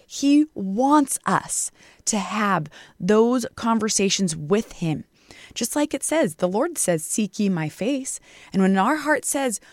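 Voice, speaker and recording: A woman's voice: mid-range voice, no room sound. Fervent woman radio preacher, dry sound. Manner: earnest, fervent, slows to a hush when reading scripture. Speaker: radio show host and Bible teacher. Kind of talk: radio sermon.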